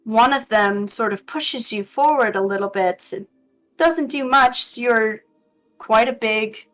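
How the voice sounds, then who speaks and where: Woman dungeon master, unhurried and halting, narrates scenes with lots of ums; faint music underneath. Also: on the high side, fairly bright tone, rough recording. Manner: slow and hesitant, with many ums. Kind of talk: narrating a tabletop game.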